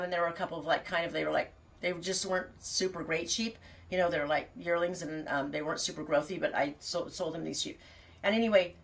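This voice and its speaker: A woman's voice: fairly low pitch, fairly bright tone, far from the mic, rough recording. Rambling chatty woman, a bit off-mic. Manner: rambling, many restarts and asides. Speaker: farmer and fiber podcast host. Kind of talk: casual chat to live viewers.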